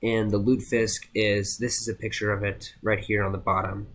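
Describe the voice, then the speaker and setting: A young man giving a casual class presentation, halting with many fillers and restarts. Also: lowish voice, level tone, fairly bright tone. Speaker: student presenter.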